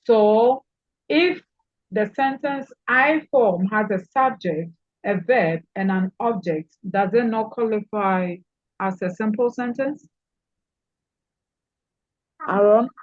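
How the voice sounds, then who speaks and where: A woman's voice: mid-range voice, slow pace, long pauses, no echo, phone-quality sound. A woman lecturer teaching an online class, calling on students and repeating key points to stress them.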